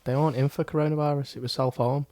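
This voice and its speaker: A man's voice: a little high, steady tone, racing, warm tone, no echo. Laid-back joking man. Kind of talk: casual chat.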